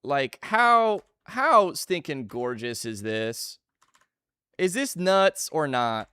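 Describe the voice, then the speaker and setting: A man in his twenties chatting casually with his live stream viewers, energetic and jokey, greeting chat by name. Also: fairly high pitch, slow pace, clear, resonant tone, no room sound, studio quality.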